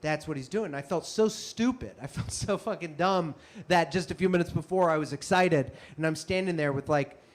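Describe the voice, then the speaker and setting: A young man telling a comic story on stage, animated and self-mocking with quick asides. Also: on the high side. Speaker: comedian and storyteller. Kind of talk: live stand-up storytelling.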